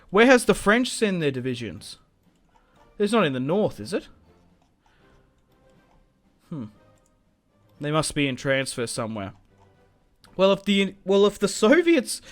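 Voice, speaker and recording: A young man narrating a strategy game as he plays, with a slightly high voice. He thinks aloud, full of fillers, and gets excited when the battle turns. The tone stays casual and talkative throughout. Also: no room sound. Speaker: gaming channel host. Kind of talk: live strategy game commentary.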